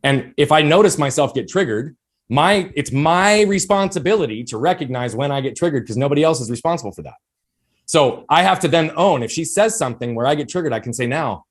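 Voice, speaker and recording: A man's voice: a little high, expressive. A man speaking as a guest coach in a podcast interview, earnest and explaining in a coaching tone. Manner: earnest, fast-talking, coaching tone.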